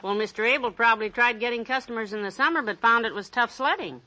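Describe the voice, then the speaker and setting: A woman's voice: fairly high pitch, fast talker, sharp tone, rough recording. An actress playing a cheerful, teasing middle-aged wife who laughs at her own puns, in 1940s radio acting style. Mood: playful.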